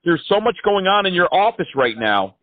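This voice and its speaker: A man's voice: high voice, very animated, moderate pace. Mocking male prank caller on phone. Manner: mocking, sarcastic. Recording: tinny phone line.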